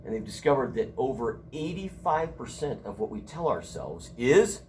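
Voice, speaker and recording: A middle-aged male instructor talks to a classroom in a loose, joking way, his pitch rising and falling freely. He tells stories with plenty of asides. A faint background hiss sits under his voice. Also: moderate pace. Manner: animated, joking storyteller. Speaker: college instructor. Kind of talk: casual classroom lecture.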